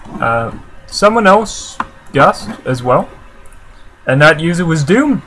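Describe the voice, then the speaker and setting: A man's voice: a little high, sing-song, takes it slowly, fairly bright tone, poor audio. A man with a Canadian accent talks casually to camera, answering viewer comments in a chatty, rambling way full of fillers and restarts. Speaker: vlogger.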